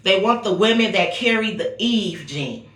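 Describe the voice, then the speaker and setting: A woman's voice: mid-range voice, lively intonation, normal speed, a bit bright, echoey room. An American woman giving a casual psychic reading, talking bluntly and profanely with a sing-song refrain. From United States. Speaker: psychic reader. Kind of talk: casual intuitive-reading vlog.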